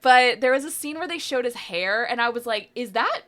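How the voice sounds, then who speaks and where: A young woman co-hosting a podcast, chatting casually about TV shows, full of fillers and quick asides. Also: on the high side, lively intonation, very noisy. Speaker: podcast co-host. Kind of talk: casual pop culture chat.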